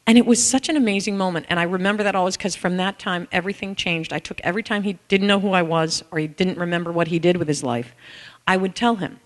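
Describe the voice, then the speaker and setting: A fast-talking middle-aged woman with a lowish, steady voice gives a personal storytelling talk to an audience. An author and speaker, she's candid and conversational and voices dialogue with "I'm like"; the hall reverb is long.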